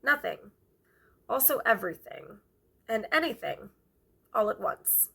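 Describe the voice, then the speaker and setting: A woman reads a book aloud in an amateur, unpolished way, taking it slowly. Her voice is bright with a gravelly edge. She stumbles over words and goes back to correct herself. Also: mid-range voice, sing-song. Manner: halting reading with stumbles and self-corrections. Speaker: vlogger reading a memoir aloud.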